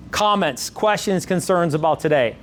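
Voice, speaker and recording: A man's voice: on the high side, expressive, a little slow, a bit bright. A middle-aged man as a sales coach, talking emphatically and repeating his points in a coaching session.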